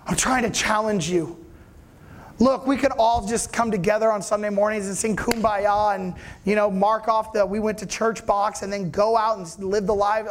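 A man preaching a sermon in a conversational way, often asking if listeners follow, acting out the voices of people in the story. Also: sits high. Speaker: pastor.

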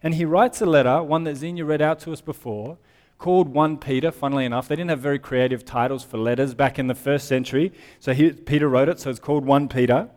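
A man's voice: mid-range voice, fairly even intonation, fast talker, a little mellow. A man preaching a sermon, who explains scripture in a conversational way and reads passages aloud. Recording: long hall reverb.

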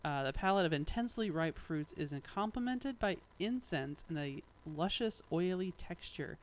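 Animated and high-sitting, this man's voice comes at a normal speed through a rough recording. Co-hosting a laid-back podcast, he reads out a press statement with wry commentary, frequent laughter, and sentences that trail off partway.

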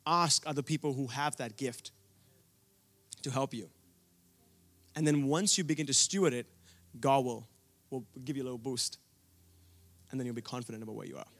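A man's voice: mid-range voice, moderate pace, long pauses, a bit bright. A young man from India preaching a sermon, telling a personal story earnestly, with frequent restarts.

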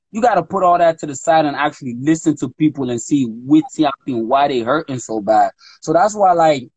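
Podcast co-host, a man, talks with a lot of energy, slightly high voice, dry close mic. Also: no room sound. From DMV area of the US. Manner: animated storytelling with put-on quoted voices. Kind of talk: casual chat.

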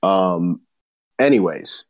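Casting: lässiger Podcast-Host, Mann, etwas tiefe Stimme, schweifender Plauderton über Online-Sprachchat. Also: male voice, low voice, expressive, takes it slowly. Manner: laid-back, rambling, laughs often, swears. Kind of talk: casual chat. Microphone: remote voice chat recording.

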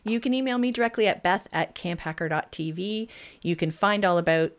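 A woman hosting a podcast in casual chat, upbeat and quick to laugh. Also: medium pitch. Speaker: podcast host.

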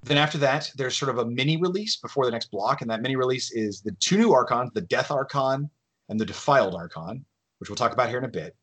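A man's voice: medium pitch, animated, quick pace, a bit bright, breathy edge. A man on a podcast enthusiastically explaining game lore, often restarting his sentences. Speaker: game designer guest. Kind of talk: casual podcast chat.

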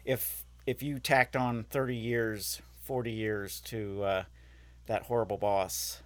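A man's voice: fairly low pitch, flat delivery, takes it slowly, dry recording. A man co-hosting a podcast, talking about a movie in a dry, sardonic way. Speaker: podcast co-host. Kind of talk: casual movie-review chat.

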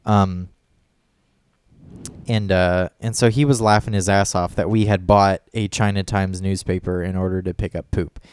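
A man's voice: low voice, flat delivery, normal speed, clean tone, dry recording. A man telling a story in a casual podcast chat, rambling and swearing often. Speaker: podcast co-host.

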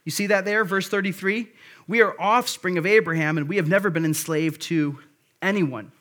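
A man preaching in a fairly high, conversational voice. He retells scripture in everyday words and works through his points with stops and restarts before pressing them home with emphasis. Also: moderate pace, fairly bright tone. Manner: frequent restarts and fillers, then builds to emphatic points. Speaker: pastor. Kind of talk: sermon.

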